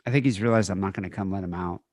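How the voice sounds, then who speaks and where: A man's voice: low voice, racing, no room sound, studio quality. A man co-hosting a podcast in casual chat, rambling, swearing a lot and trailing off mid-sentence. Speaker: podcast co-host.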